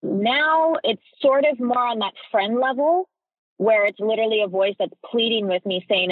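A woman guest talking reflectively about her own behavior, often pausing to search for words, heard over a remote line. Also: a little high, slightly rough, dry recording. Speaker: podcast guest. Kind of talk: personal conversation. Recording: tinny phone-like remote line.

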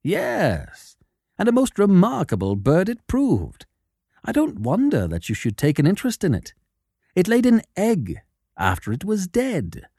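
A man voicing a cool, shrewd detective who speaks in a measured, quietly sardonic way in an audiobook. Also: high voice, wildly swooping pitch, breathy edge, no echo, studio quality, voice pushed up, heavily acted. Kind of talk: audiobook character voice.

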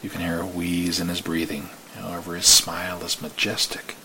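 A man narrating a story in the second person in a slow, hushed way that sometimes drops to a whisper. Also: low-pitched, completely flat delivery, a little hiss or hum, poor audio.

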